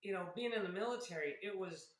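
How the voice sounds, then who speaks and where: A man's voice: high voice, fast, fairly bright tone, reverberant, poor audio. A man in his fifties, an Air Force veteran guest, telling stories casually with laughs and acted-out quotes. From grew up in South Carolina. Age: 50s. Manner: chatty, laughs often, acts out quotes. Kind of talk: casual interview storytelling.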